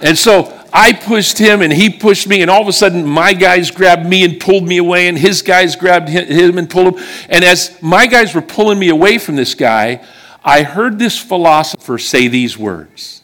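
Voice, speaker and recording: Speaking from the pulpit, this middle-aged western Pennsylvania preacher has a high, slightly bright voice at a moderate pace. He shares a personal story in a chatty manner, pausing to check in with his congregation.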